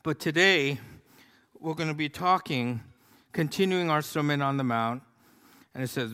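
Pastor, male, slightly high voice, chatty sermon delivery, long hall reverb. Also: a little slow, pauses often, pushed and bright, smooth. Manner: conversational, storytelling with many fillers.

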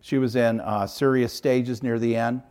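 A middle-aged male pastor delivering a sermon, his voice sitting at an ordinary pitch for a man. He preaches earnestly and with emphasis, building points through repeated parallel phrases. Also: fairly even intonation, normal speed, darkish tone, clean tone.

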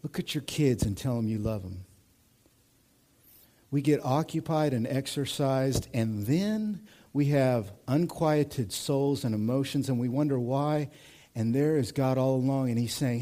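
A male pastor in his thirties preaching a sermon in an animated, conversational way, moving between hushed and loud. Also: medium pitch, a little slow.

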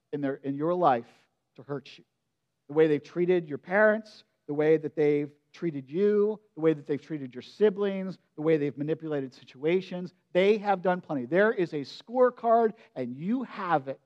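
A pastor with a high-pitched voice delivers an expressive, conversational sermon, frequently putting direct questions to his listeners. The audio sounds dull.

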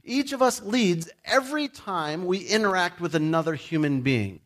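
A man's voice: high-pitched, lively intonation, moderate pace, a bit bright. A middle-aged man preaching a sermon as a pastor, speaking directly and emphatically to his listeners, with joking asides.

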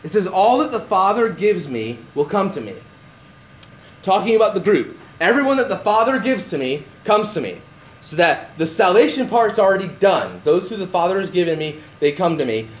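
A man's voice: high-pitched, very animated, moderate pace. A man preaching a sermon, emphatic and repeating words for stress. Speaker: pastor.

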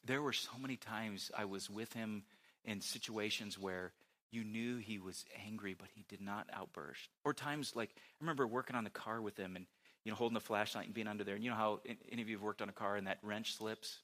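A man preaching a conversational sermon as a pastor, chatty and quick to correct himself. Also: lowish voice, fairly even intonation, fairly bright tone.

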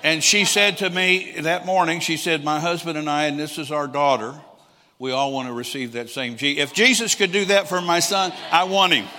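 A man's voice: on the high side, moderate pace, pushed and bright. A man in his sixties preaching a storytelling sermon, acting out the people he quotes and chuckling often. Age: 60s. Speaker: traveling preacher. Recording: long hall reverb.

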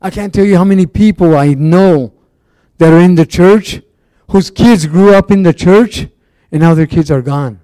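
A man's voice: high-pitched, normal speed, mellow, dry recording, clean studio sound. A man preaching a casual, conversational sermon, rambling through stories with plenty of "you know"s and restarts. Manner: loose storytelling with many fillers and restarts.

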